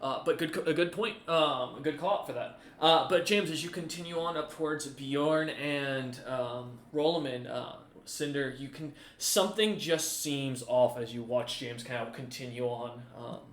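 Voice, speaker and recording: A man's voice: medium pitch, normal speed, hardly any pauses, a bit bright, roomy sound. A man narrating a tabletop game as game master, rambling with fillers and restarts.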